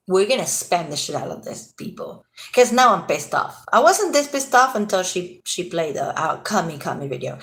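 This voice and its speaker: A tired woman ranting casually to her viewers in an agitated, rambling way, swearing freely. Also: mid-range voice. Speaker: vlogger. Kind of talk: casual rant to camera.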